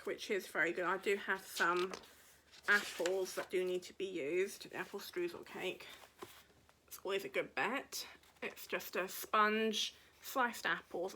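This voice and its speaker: A woman's voice: medium pitch, pushed and bright, slight background noise. A woman chatting casually as a craft podcast host, rambling and thinking aloud as she leafs through a book, dropping to a murmur now and then. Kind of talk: casual chat.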